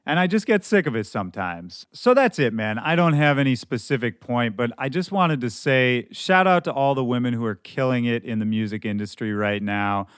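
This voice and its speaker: Male podcast host, hoarse and a bit shredded, smooth close dry sound, relaxed candid monologue. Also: mid-range voice, fairly quick, hardly any pauses, no room sound. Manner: candid, loose and conversational, with some swearing. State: hoarse from shouting at a show.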